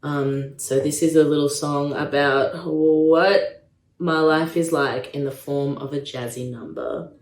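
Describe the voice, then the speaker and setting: Young Australian woman comic, slightly low voice, deadpan and self-deprecating, recorded in an echoey room. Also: slow pace. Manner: self-mocking, deadpan asides with sudden high squeals. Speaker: stand-up comedian. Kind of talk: stand-up comedy set, live-streamed from home.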